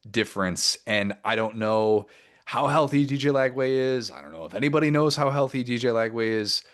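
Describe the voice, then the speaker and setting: A man's voice: mid-range voice, expressive. A man co-hosting a college football podcast, wry and opinionated, in casual chat. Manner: wry, opinionated, drawn-out emphasis. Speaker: podcast co-host.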